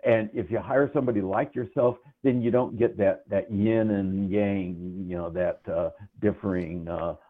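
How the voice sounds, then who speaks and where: A man's voice: on the low side, normal speed, hardly any pauses. Older man on a tinny call line. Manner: relaxed, rambling with many fillers. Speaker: guest economist and writer. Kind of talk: casual interview talk.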